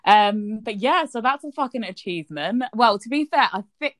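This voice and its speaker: A woman's voice: fairly high pitch, expressive, normal speed, no echo, studio quality. A young woman from England co-hosting a comedy podcast, brash and swearing freely, with frequent laughter. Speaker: podcast co-host. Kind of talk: casual comedy podcast chat.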